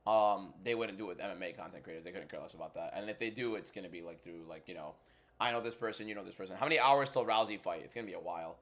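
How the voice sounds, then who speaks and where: A man hosting a casual fight watchalong livestream, blunt and bantering as he answers chat, moving between a subdued inside voice and loud hyped delivery. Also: low voice, very fast. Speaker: MMA content creator and livestream host.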